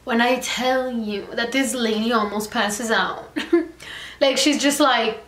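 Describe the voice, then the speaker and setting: A woman's voice: on the high side, slow pace. A young woman vlogger telling a storytime in a chatty way, full of "like" fillers. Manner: chatty, heavy filler "like", animated retelling. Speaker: makeup artist and beauty vlogger. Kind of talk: casual storytime chat. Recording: echoey room.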